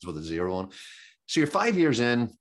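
A middle-aged man hosting a conversational interview as a business coach, rambling and halting with many fillers and restarts. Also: medium pitch, huge pitch swings. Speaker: podcast host and business coach.

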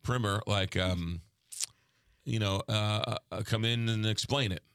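A New York-accented man hosts a morning radio show, his voice on the low side, a bit bright, clear and resonant, with clean studio sound and no echo. His casual on-air chat is halting and full of ums and uhs.

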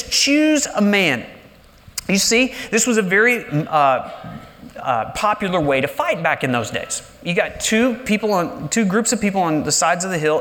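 Male pastor preaching live, high-pitched and lively, dips low and slow for emphasis, church hall reverb. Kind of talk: sermon. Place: large church sanctuary.

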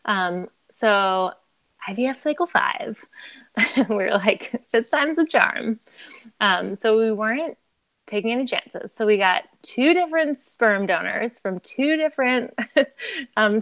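A woman's voice: mid-range voice, measured pace, gravelly, a bit bright, dry recording. A woman in her thirties, a podcast guest telling her story in a candid, chatty way, filling her talk with "like" and laughing often.

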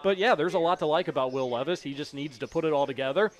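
A man's voice: a little high, quick pace. A man co-hosting a sports radio show, talking casually, self-deprecating and stumbling over words at times.

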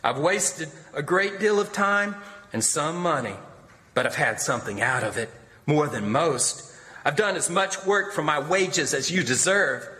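A man's voice: fairly high pitch, unhurried, bright, forceful tone. A man voicing a bitter, defiant young son who lashes out at his family in impassioned, resentful speeches. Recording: long hall reverb.

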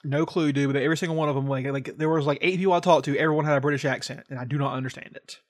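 A man's voice: a little high, fairly even intonation, very fast. A young man from the United States co-hosting a casual podcast chat, ranting sarcastically and swearing often. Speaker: podcast co-host.

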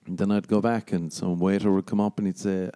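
A man's voice: low voice, level tone, a little fast, dark tone, clear, resonant tone, dry recording. A young Irish man hosting a podcast on his own, rambling casually, swearing a lot and poking fun at himself. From Ireland. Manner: sweary, self-mocking, rambling. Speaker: podcast host.

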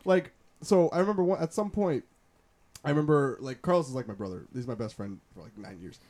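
A man's voice: mid-range voice, fairly quick. A young man co-hosting a casual podcast chat, telling stories with quoted voices and lots of laughter. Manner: storytelling with lively quoted voices and frequent laughter. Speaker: podcast co-host.

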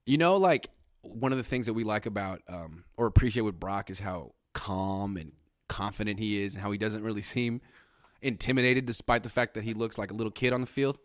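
A man's voice: lowish voice, fairly quick, no echo, studio quality. A man hosting a casual sports talk show, blunt and sarcastic, reading viewer comments aloud. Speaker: podcast host.

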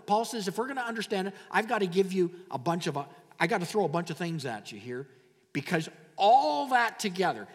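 A man preaching a sermon as pastor, animated, repeating phrases and leading the congregation in reading aloud. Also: sits high. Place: church hall. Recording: long hall reverb.

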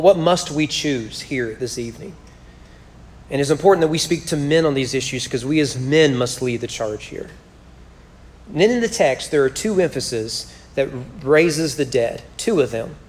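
A man preaching a sermon in a church, emphatic and building to rhetorical questions. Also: mid-range voice. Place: church sanctuary.

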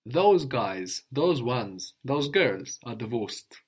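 A man teaching a language lesson, patiently drilling words, repeating a learner's answers slowly and praising them. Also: medium pitch, big pitch swings, breathy edge.

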